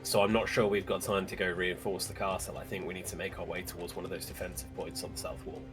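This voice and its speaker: Low-voiced male tabletop player. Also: flat delivery, fast, over music. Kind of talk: casual in-character play.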